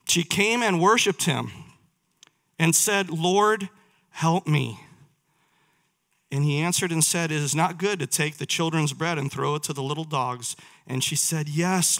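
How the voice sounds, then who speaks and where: In a sermon, a man with a slightly high, somewhat bright voice reads scripture out loud and asks his listeners questions.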